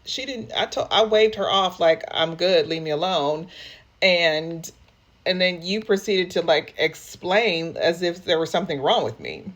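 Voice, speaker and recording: A woman grief counselor with a somewhat low voice shares personal things openly with her listeners. She talks in an emotional, unguarded way and keeps calling them y'all. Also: animated, measured pace, a bit bright. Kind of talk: candid personal talk to viewers.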